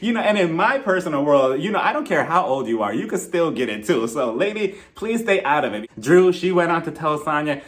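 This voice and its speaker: A lively man recapping a reality show in a gossipy vlog. His voice is a bit high and bounces all over the place, and he laughs easily as he talks. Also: fairly quick, hardly any pauses. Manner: animated and gossipy, laughs often, slips into voices.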